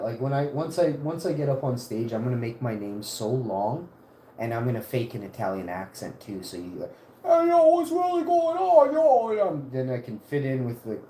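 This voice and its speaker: A man's voice: medium pitch, warm tone, a little hiss or hum. Rambling joking man in an echoey kitchen. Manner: joking, meandering, self-interrupting. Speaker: livestream host. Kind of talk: casual rambling livestream chat. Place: home kitchen, indoors.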